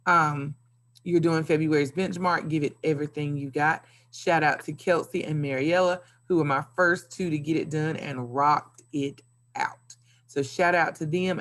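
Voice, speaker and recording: A woman's voice: deep voice, fairly bright tone. A woman teacher giving a recorded video lesson to young pupils, upbeat and playful with sing-song emphasis. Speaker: elementary school teacher.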